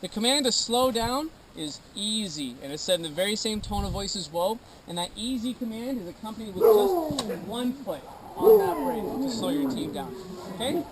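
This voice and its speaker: A man's voice: sits high, expressive, normal speed. A man guiding a sled dog tour, giving an upbeat, joking outdoor safety briefing to a group and ending lines with "okay?". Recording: noisy outdoor field recording.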